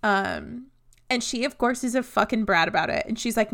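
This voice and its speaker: A young woman co-hosting a casual book podcast, enthusiastic and quick to laugh. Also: on the high side, big pitch swings, vocal fry, fairly bright tone. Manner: enthusiastic, laughs easily, chatty. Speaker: podcast co-host.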